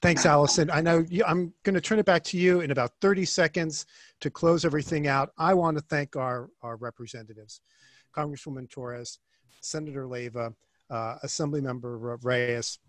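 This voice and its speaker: A man's voice: on the high side, steady tone, moderate pace, dry recording. A man co-hosting an online panel, giving upbeat, complimentary thanks over a video call. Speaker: co-host of the forum.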